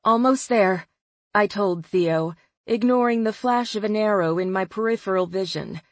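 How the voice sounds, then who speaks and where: A woman narrating a first-person audiobook in a measured, expressive way. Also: medium pitch, no room sound.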